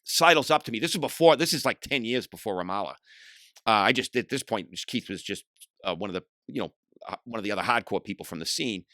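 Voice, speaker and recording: Guy ranting on his podcast, bright forceful voice, dry close sound, swears a lot. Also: fairly low pitch, fast talker, no room sound. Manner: profane, animated storytelling, acts out quotes loudly. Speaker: podcast host. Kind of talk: casual storytelling monologue.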